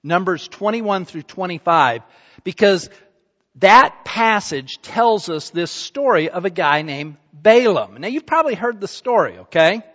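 A man preaching a sermon, retelling a scripture story in a relaxed, conversational way and checking in with the congregation. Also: sits high, a little slow. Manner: conversational storytelling with fillers like "you know" and "okay?". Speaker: pastor. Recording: dull recording with long hall reverb.

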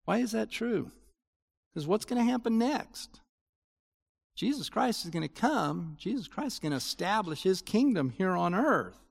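A man preaching in a large church sanctuary. His high voice swings widely in pitch, and his unhurried delivery rings with a long hall reverb. He moves between exclaiming asides and mock complaints. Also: creaky. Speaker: pastor. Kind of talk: expository sermon.

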